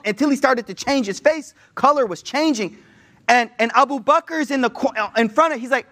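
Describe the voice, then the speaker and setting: High-voiced preacher, slangy and lively. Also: male voice, normal speed. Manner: slangy, animated retelling with acted quotes. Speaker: Islamic preacher. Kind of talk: casual sermon with storytelling.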